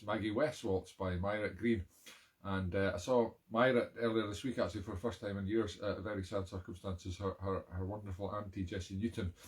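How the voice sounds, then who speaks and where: A middle-aged man with a Scottish, Edinburgh accent, hosting a music live stream from home and chatting in a rambling, self-amused way with many fillers. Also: low-pitched. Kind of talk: casual live-stream chat between tunes. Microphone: home live-stream setup.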